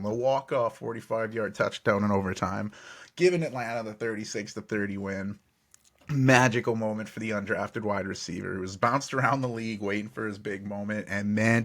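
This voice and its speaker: A man hosts a sports podcast, recapping football games in an upbeat play-by-play style and frequently correcting himself mid-sentence. His voice is fairly low in pitch with a fairly bright tone, and the talk is game recap narration.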